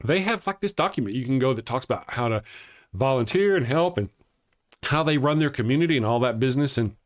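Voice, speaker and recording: A man at an ordinary middle pitch chats loosely on a livestream, reading out viewer comments and cracking jokes. He laughs often and trips over his own sentences, starting again as he goes. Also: lively intonation, quick pace. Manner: joking, laughs often, rambling with restarts. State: has a headache. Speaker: host of an atheist morning show.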